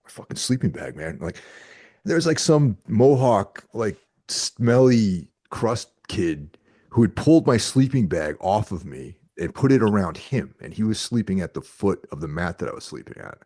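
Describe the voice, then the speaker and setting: A man as a podcast guest, telling road stories in casual chat with animated quoted asides. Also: lowish voice, normal speed.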